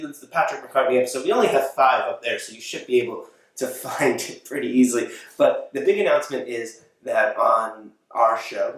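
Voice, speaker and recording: A man delivers a loose late-show-style monologue from his apartment, rambling and catching himself mid-sentence with little chuckles. His voice sits at an ordinary middle pitch. The recording rings with heavy room echo, and the mic sits well away from him. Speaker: host of a home talk show. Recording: very echoey room, mic far off.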